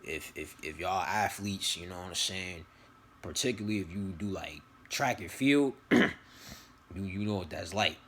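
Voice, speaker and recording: A man with a low voice delivers a loose, rambling motivational monologue as a vlogger giving spiritual advice. Despite the deep pitch, his tone is bright and forceful; he speaks at normal speed, full of slang, swearing and repeated phrases, with slight background noise.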